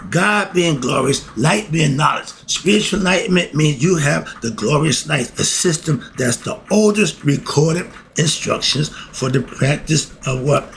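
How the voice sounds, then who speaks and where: A man who speaks gives a lively spiritual lesson. He keeps asking himself questions and answering them, and he laughs often. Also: a little high, measured pace, creaky, hardly any pauses, a little hiss or hum. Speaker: spiritual philosophy teacher.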